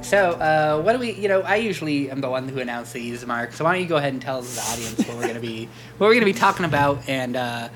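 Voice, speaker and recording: A man's voice: mid-range voice, music in the background. A man co-hosting a podcast, joking and mocking in casual chat. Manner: lively and joking, quick to mock. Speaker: podcast co-host.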